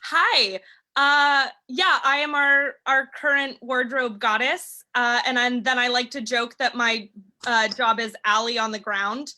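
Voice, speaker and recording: A woman's voice: on the high side, steady tone, unhurried, pushed and bright. A woman who works in theatre wardrobe chatting on a video call, cheerful and a little hesitant. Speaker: wardrobe supervisor. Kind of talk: casual video-call chat.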